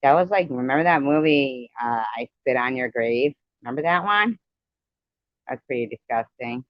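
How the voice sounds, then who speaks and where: A woman's voice: extremely low pitch, expressive, moderate pace, dry recording. Chatty woman streamer, meandering talk, muffled phone-mic sound. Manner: rambling, chatty movie reminiscing. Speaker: live stream host. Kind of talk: casual chat.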